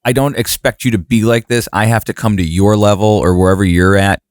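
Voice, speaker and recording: A man hosting a podcast, asking quick probing questions in casual chat. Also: fairly low pitch, fairly even intonation, no room sound, studio quality.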